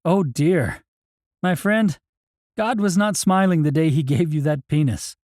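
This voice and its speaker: A man voicing a crude, joking male prison officer with a deep Indian accent and a casual, irreverent way of talking. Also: measured pace, a little mellow, dry recording, clean studio sound, natural voice.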